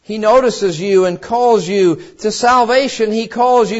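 A man's voice: high-pitched, a little slow, hardly any pauses. A man preaching a sermon, retelling a Bible story in an earnest way and swelling with fervor as he appeals to the listener. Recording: dull lo-fi recording.

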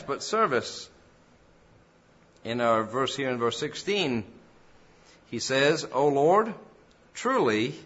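Male pastor, mid-pitched and bright, sermon cadence with rhetorical questions, muffled lo-fi sound. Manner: rising and falling preaching cadence, rhetorical questions; quotes scripture in old-fashioned wording.

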